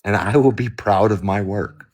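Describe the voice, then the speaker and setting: A man's voice: fairly low pitch, moderate pace. A middle-aged man hosting a live stream, telling stories in casual chat and acting out both sides of arguments. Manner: animated storyteller acting out arguments. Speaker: livestream host.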